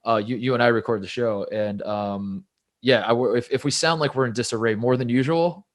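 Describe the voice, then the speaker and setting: A man's voice: medium pitch, brisk. A man co-hosting a casual sports podcast, rambling and self-deprecating, often restarting his sentences. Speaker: podcast co-host.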